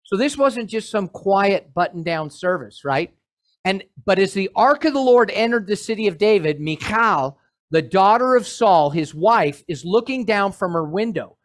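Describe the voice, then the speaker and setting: A male pastor preaching a sermon in an animated way, with joking asides to his congregation. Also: sits high, normal speed.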